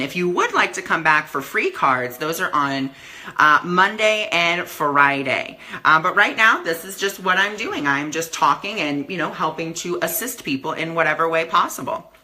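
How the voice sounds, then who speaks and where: A man's voice: high voice, bright, forceful tone. A man giving a casual live-stream talk as a spiritual teacher, earnest and repeating affirmations, with many "you know" fillers.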